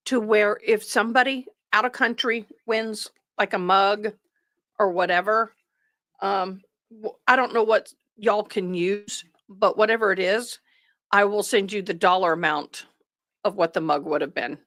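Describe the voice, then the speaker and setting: A woman chats loosely with her livestream viewers, wandering from one aside to the next. She sounds tired, and her voice sits at a middle pitch. The sound is dry and close, with no room echo. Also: steady tone, unhurried. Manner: chatty, rambling, warm toward viewers. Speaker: livestream host. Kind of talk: casual chat with live viewers.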